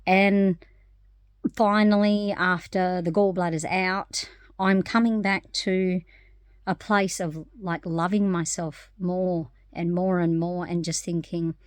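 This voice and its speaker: Candid, lively woman vlogger, lowish voice. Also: slow, smooth, dry recording. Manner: animated and candid, swears freely, laughs often. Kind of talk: casual personal monologue.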